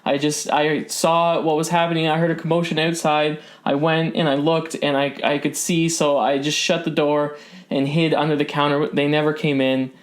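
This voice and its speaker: A man's voice: on the high side, flat delivery, normal speed, voice pushed up, natural voice. A man voicing a frightened young half-elf shopkeeper woman, tearful and pleading in a tabletop game. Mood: anxious.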